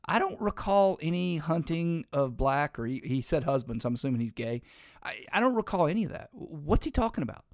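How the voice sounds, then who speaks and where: A man's voice: on the high side, sing-song, a little fast, a little mellow, no echo, studio quality. A man hosting an opinionated political commentary show, talking emphatically and in a rambling way, with frequent restarts and sarcastic asides.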